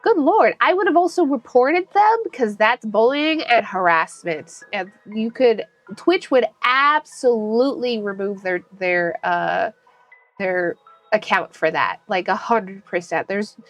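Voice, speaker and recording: A young woman streaming, chatting with her viewers in a bubbly, giggly voice that she pitches above her natural one. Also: animated, unhurried, soft background music. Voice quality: put-on higher bright stream voice. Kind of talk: casual live-stream chat.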